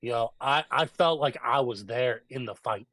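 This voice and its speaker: A man co-hosting a casual podcast chat, telling stories with rising excitement and getting loud when hyped. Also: medium pitch, normal speed, no echo. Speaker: podcast co-host.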